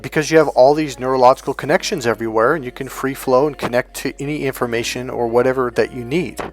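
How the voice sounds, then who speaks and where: Middle-aged male coach talking casually, acting out dialogue as he tells stories; mid-range pitch, light music bed. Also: quick pace. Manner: storytelling, acts out dialogue, animated asides. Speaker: NLP trainer and hypnotherapist. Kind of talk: casual motivational talk.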